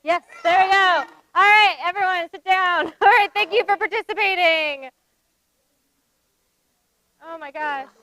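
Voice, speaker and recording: A woman facilitating a workshop, running a group acting game with brisk, directive instructions. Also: very high voice, sharp tone.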